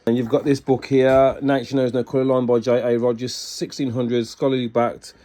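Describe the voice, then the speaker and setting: Excitable man reading from books. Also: mid-range voice, moderate pace. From Scotland. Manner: excitable, peppers sentences with "man". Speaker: book reviewer. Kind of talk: casual video talk reading from books.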